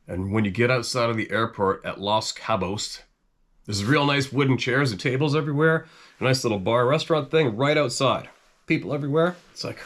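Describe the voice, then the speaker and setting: A middle-aged Canadian man with a stuffy head cold, chatting casually to camera in a rambling, animated way. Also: mid-range voice, brisk. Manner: rambling and animated, chuckles often, voice jumps up when quoting himself. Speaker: hunting channel host.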